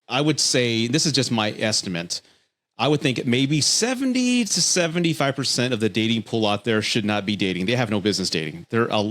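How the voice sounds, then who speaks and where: A man with a Texan twang hosts a relaxed podcast talk. He tells stories with lively energy and pitches his voice up when quoting others. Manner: animated storyteller, acts out quotes in a high voice. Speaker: podcast host. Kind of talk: casual chat.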